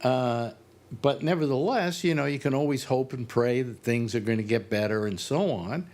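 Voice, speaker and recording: Older man musing haltingly. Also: medium pitch, a little mellow. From United States. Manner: halting, many filler pauses. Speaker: host. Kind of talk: casual panel chat.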